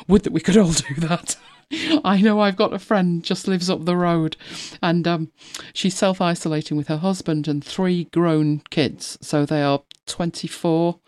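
A woman's voice: fairly low pitch, a little slow, darkish tone, no room sound. A middle-aged woman hosting a casual live stream, chatting at length and laughing often as she talks. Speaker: livestream host.

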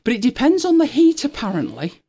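A woman chatting casually on a live stream, laughing often and switching to a high sing-song voice when she talks to her dog. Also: huge pitch swings, a little fast, mellow. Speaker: vlogger.

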